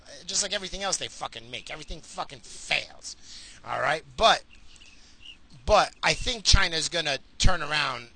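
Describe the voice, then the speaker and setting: A man's voice: mid-range voice, gravelly, sharp tone, a little hiss or hum. A man driving in his car, ranting in a crude, rambling way and swearing constantly into a phone. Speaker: vlogger. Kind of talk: profane rambling rant while driving.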